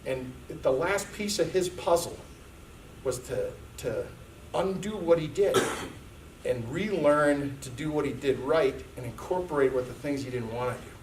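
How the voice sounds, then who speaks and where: A man's voice: mid-range voice, expressive, a little slow, a little hiss or hum. A man giving a live seminar talk, telling stories in a conversational way and checking in with "okay" as he goes. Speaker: seminar speaker. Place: seminar room. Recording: echoey room, mic distant.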